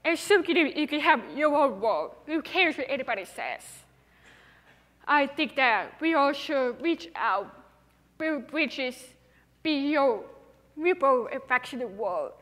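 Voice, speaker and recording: A woman's voice: sits high, lively intonation, unhurried, a bit bright. A young woman with a deaf speaker's accent, giving an earnest, emphatic inspirational talk on stage. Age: young adult. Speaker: TEDx speaker. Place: large hall. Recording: reverberant hall.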